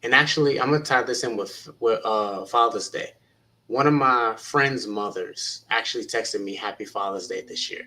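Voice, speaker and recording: A man's voice: fairly low pitch, moderate pace, pushed and bright, poor audio. A man who is a teacher, earnestly encouraging young people in a panel talk and retelling conversations with students.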